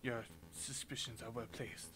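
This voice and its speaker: A man voicing a secretive male bird nobleman who speaks in a hushed, low, conspiratorial French manner. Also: level tone, measured pace, close to an everyday voice, poor audio.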